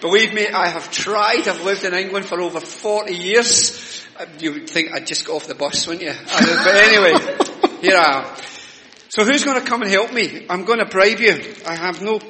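A man's voice: sits high, moderate pace, background noise. An older Scottish man giving a chatty, self-mocking children's talk during a church service. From Scotland. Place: church hall. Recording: reverberant church hall.

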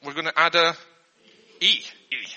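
A man's voice: on the high side, moderate pace, bright, forceful tone. A man doing a comic spelling lesson for an audience, in an earnest teacher's patter, often flustered and breaking off mid-sentence. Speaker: comedian. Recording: long hall reverb.

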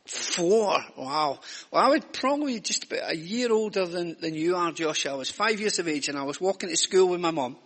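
A man's voice: high voice, expressive, normal speed, few pauses, fairly bright tone. An older Scottish man giving a chatty, self-mocking children's talk during a church service. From Scotland. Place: church hall. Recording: reverberant church hall.

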